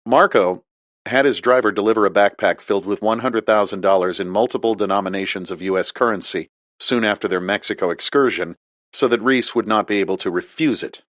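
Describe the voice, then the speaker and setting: Male audiobook narrator, deep and steady, dry close sound. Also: brisk, no echo.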